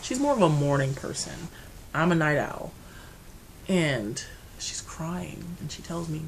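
A woman vlogger talking through her grief at home, rambling and restarting, going quiet and then loud. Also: sits low, animated, measured pace, slight background noise, low-quality recording. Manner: grieving, rambling, restarts often, swings between quiet and loud. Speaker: beauty vlogger. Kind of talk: casual personal talk to camera. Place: her apartment.

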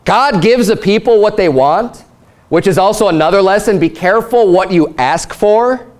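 A pastor delivering a sermon, reading scripture and acting out lively paraphrased dialogue. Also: male voice, high voice. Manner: animated preaching with paraphrased dialogue.

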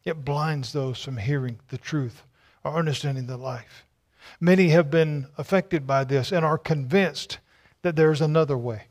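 Male pastor, high-pitched, emphatic sermon delivery with lots of repetition. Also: normal speed. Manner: emphatic, repetitive rhetorical preaching with stammered restarts.

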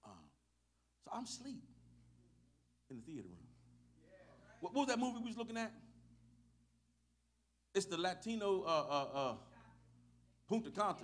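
Middle-aged male pastor, very high voice, slangy folksy sermon, shouts and laughs. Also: big pitch swings, moderate pace, pauses often. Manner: swings from shouting to low storytelling, laughs often; casual, folksy preaching with street slang.

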